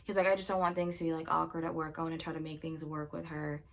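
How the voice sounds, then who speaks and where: A young woman with a low, deeper-than-usual voice, chatting through a storytime while she does her makeup. She tells it in a loose, animated way, filled with "like" and acted-out bits of dialogue. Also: quick pace, creaky. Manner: chatty, animated retelling with lots of "like" and quoted dialogue. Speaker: beauty vlogger telling a storytime. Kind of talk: casual storytime chat while doing makeup.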